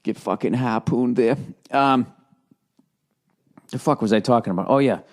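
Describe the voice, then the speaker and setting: A man's voice: mid-range voice, moderate pace. Profane ranting middle-aged man. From United States. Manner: profane, ranting, acts out quoted voices. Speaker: podcast host. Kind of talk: rambling comedic monologue.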